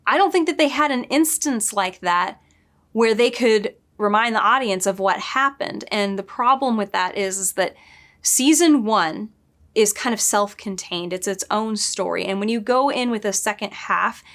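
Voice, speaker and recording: A woman talks through a game she is watching in a loose, chatty way. She is opinionated and throws in quick asides. Her voice sits at an ordinary middle pitch. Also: fairly bright tone. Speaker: book editor reviewing a game. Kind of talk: casual commentary over gameplay.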